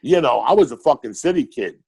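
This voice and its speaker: This older comedian, Cuban by birth but raised in NYC, swaps stories on a podcast in an excitable, foul-mouthed way, his New York accent clear. His medium-pitched voice is gravelly and husky, and he talks a little fast.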